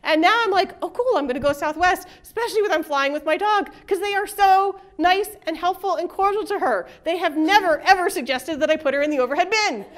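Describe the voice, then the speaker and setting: A woman with a high voice talks casually to a conference audience. She is middle-aged and keeps things light with quick asides and jokes. She slips into little voices whenever she acts out other people. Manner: chatty, jokey, with quick asides and laughs. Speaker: conference presenter. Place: conference room with live audience.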